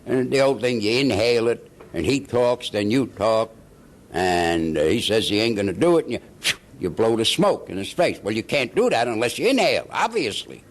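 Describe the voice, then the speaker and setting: An older man, a veteran actor being interviewed, telling stories in an animated way, chuckling and acting out the people he quotes. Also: mid-range voice, normal speed. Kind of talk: anecdotal storytelling.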